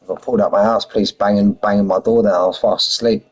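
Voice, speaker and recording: A man's voice: on the low side, steady tone, quick pace, a little mellow, slightly rough, poor audio. A man with a London accent, chatting casually to viewers on a racing game stream, saying "mate" often and reading out lap times. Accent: London English. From London, England. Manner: chatty, says "mate" constantly, reads out lap times and answers chat. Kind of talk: casual live-stream chat. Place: home in Spain.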